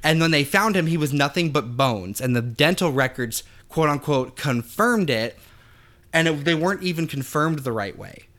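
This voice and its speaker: A man's voice: a little high, animated, moderate pace, fairly bright tone. Jokey, storytelling male podcast co-host. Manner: storytelling, jokey, does silly voices. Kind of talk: casual chat.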